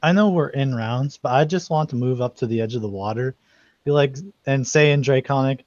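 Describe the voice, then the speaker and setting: A man's voice: medium pitch, fairly quick, a little mellow, no room sound. Male player, jokey, dull lo-fi sound, dry. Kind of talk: casual chat at a tabletop game.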